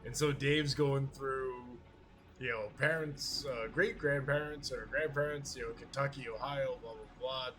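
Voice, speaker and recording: He speaks at a moderate pace with a medium pitch and fairly even intonation. As a podcast host in casual conversation, he rambles and curses, often laughing and imitating what people said.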